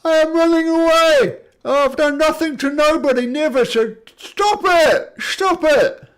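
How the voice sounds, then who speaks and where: A man doing a shrill panicking giant. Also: unhurried. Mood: panicked. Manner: high shrill pleading yells. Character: panicking cowardly male giant fleeing.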